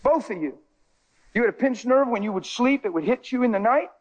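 Male preacher, high voice, husky tone, excitable, loud high bursts and low murmured asides, sermon storytelling. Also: brisk, lo-fi sound. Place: church.

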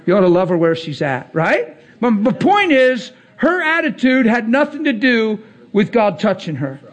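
A male preacher delivering a casual, storytelling sermon, animated and slangy, often laughing as he talks. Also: high-pitched, moderate pace.

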